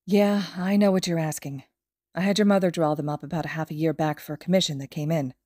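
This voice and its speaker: A woman's voice: deep voice, fairly even intonation, fast talker, dark tone, no room sound, studio quality. A woman reading a weary young hero. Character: young adult male hero, weary and protective.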